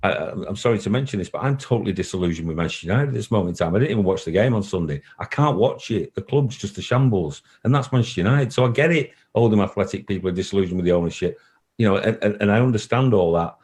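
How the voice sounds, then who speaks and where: On a call recording, this football club boss answers an interviewer very fast, his fairly low, darkish voice animated throughout. He speaks earnestly, goes over the same points repeatedly, and shows emotion now and then.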